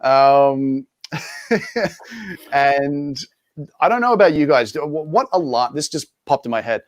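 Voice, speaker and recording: An Australian man, an actor guest, chatting casually on a podcast, laughing often and telling stories with lively energy. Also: a little high, takes it slowly, no room sound.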